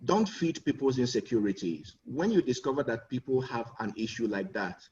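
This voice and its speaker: A man's voice: mid-range voice, big pitch swings, moderate pace, a little mellow, a little hiss or hum. Earnest man, distant muffled audio. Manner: earnest, repeats words while building a point. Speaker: guest speaker. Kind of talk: conference talk.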